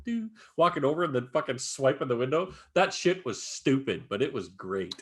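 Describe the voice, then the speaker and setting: A man's voice: medium pitch, normal speed. Guy cohosting a podcast, swears nonstop, voice jumps all over while he retells a movie. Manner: animated, swears constantly, acts out movie scenes. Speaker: podcast co-host. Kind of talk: casual chat.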